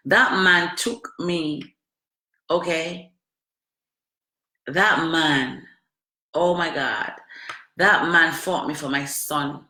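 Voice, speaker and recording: A woman's voice: low-pitched, bright, forceful tone. A woman telling her own story to camera in an emphatic, repetitive, chatty way. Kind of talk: emotional personal testimony to camera. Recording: echoey room.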